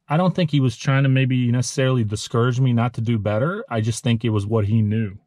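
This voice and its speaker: A man in his thirties who owns a lawn care business, giving a heartfelt motivational vlog talk, earnest and emotional, halting and restarting as he speaks. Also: mid-range voice, fairly even intonation, darkish tone, dry recording. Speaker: lawn care business owner and channel host.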